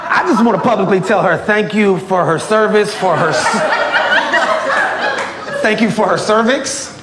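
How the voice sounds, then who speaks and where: A man in his forties from Virginia doing a profane stand-up comedy set, with loud bursts and laughing through his punchlines. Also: high voice, moderate pace, very noisy. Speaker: stand-up comedian and military veteran. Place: comedy club stage before a live audience. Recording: echoey club with loud crowd laughter.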